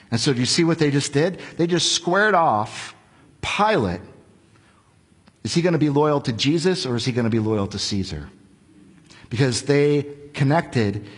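A male preacher giving an expository sermon in a conversational, animated storytelling manner with rhetorical questions. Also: medium pitch, husky, big-room sound.

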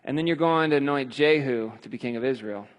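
A man's voice: medium pitch, brisk. A male preacher retelling scripture in a conversational sermon with emphatic stresses. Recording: long hall reverb.

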